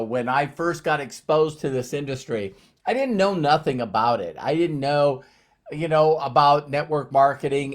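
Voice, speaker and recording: A man in his fifties hosting a live-streamed motivational talk, upbeat and rambling, with many fillers and restarts. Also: a little high. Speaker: network marketing presenter.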